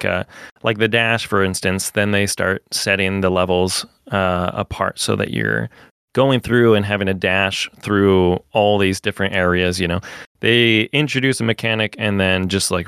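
Man with a smooth, low voice. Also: a bit bright, dry recording, clean studio sound. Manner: loose, filler-heavy, "uh" between phrases. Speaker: podcast co-host reviewing a game. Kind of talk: casual podcast review.

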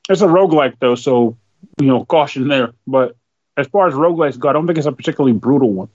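Husky guy on a podcast, rambly and sarcastic, dry dull sound. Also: medium pitch, fast talker, darkish tone, no room sound. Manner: rambling, sarcastic, swearing, laughing. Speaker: podcast co-host. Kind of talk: casual podcast chat.

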